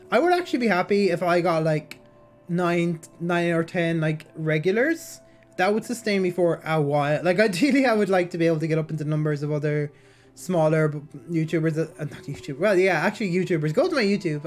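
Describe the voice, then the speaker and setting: A woman chats on her stream in a slightly nasal voice, roughened a little by a sore throat. She rambles and restarts, moving between small talk and reading aloud. Faint music plays under her basic mic. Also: fairly low pitch, a little mellow. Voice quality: somewhat nasal. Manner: chatty and rambling, with lots of fillers and restarts. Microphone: basic mic, no headset.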